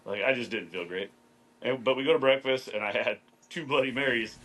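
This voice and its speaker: A man's voice: medium pitch, a little fast, pushed and bright. A man co-hosting a podcast in casual chat, laid-back and profane, acting out what people said. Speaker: podcast co-host.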